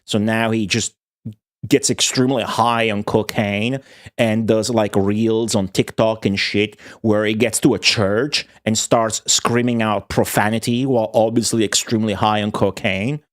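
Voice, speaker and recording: A man's voice: fairly low pitch, steady tone, unhurried. A young man, telling a long, profane story to his stream viewers in a rambling, laughing way. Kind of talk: casual rant to stream viewers.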